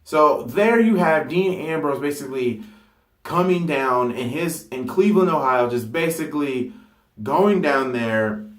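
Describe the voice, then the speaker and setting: A man talking casually and excitably about a wrestling storyline, rambling with fillers and stopping to correct himself. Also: medium pitch. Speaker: wrestling fantasy-booking vlogger. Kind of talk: casual unscripted monologue. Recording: roomy echo.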